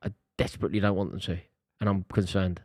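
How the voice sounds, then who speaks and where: A man co-hosting a football watchalong, excitable and teasing, laughing hard at his friends. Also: deep voice, fast talker, no echo, studio quality. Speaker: co-host. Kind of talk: casual football watchalong banter.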